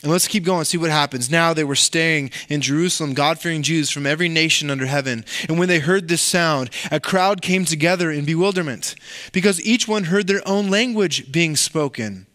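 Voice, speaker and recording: A man preaching a conversational, animated sermon as pastor of a church, with frequent asides to the congregation. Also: on the high side, brisk.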